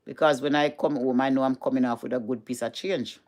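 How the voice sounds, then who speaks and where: A middle-aged Jamaican woman with a very deep, steady, darkish voice talks fairly quickly in a casual home vlog to camera. She has a Jamaican accent, chats freely, repeats herself, and shifts into patois.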